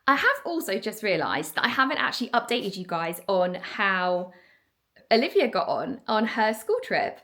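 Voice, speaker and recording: Chatty English mum with a gravelly voice. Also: female voice, mid-range voice, normal speed, pushed and bright. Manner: chatty, lots of "like" fillers. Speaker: vlogger. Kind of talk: casual home vlog chat.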